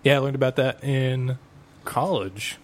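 A man's voice: mid-range voice, unhurried. A man co-hosting a casual podcast, making dry wisecracks in loose banter. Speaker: podcast co-host.

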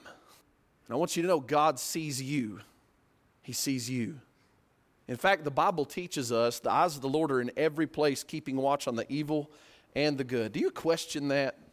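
A man preaching a sermon, earnest, building to emphatic peaks and then dropping to quiet, slow lines. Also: medium pitch.

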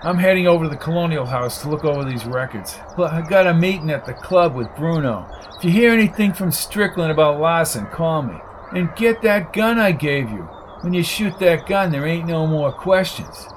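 A brassy, raised voice from a tough guy who barks insults and orders, pitched well above his usual range as a male narrator puts him on. Gritty audiobook storytelling with a faint hiss in the background. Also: expressive, moderate pace, few pauses, natural voice. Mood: taunting. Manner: yelling, insulting. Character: brash loudmouthed tough-guy driver, adult man.

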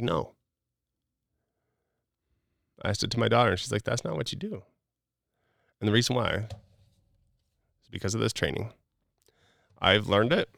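A man with a low, gravelly voice coaches a guest in a relaxed talk, blunt and profane, slipping into quick acted-out quotes. The sound is dry and close, with no room around it. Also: dry recording. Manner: blunt, coaching, swears casually, acts out quotes. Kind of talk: casual advice chat.

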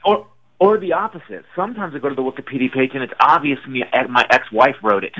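A comedian being interviewed on the radio, telling stories in a lively way and acting out quotes with big jumps in pitch. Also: male voice, fast, rough recording. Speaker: comedian guest.

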